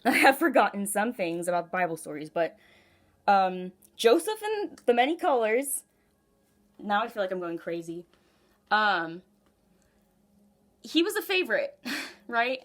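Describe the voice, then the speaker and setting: A woman giving a casual tarot reading at home, chatty and giggly, talking straight to her viewers. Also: on the high side. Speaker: tarot reader. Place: home room.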